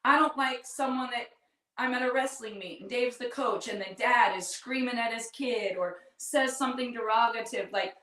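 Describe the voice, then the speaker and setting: A middle-aged woman with a fairly high voice tells her own story earnestly and from the heart. She talks straight to her listeners as a podcast host. The sound is roomy and echoey, picked up from a distance. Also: bright, forceful tone. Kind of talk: personal storytelling to an audience. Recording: echoey room, distant mic.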